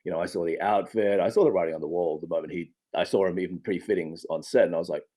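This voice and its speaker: A man in his thirties from Australia, an actor chatting casually in an interview from home, animated, laughing often and restarting sentences. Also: deep voice, fast talker. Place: home with a loft.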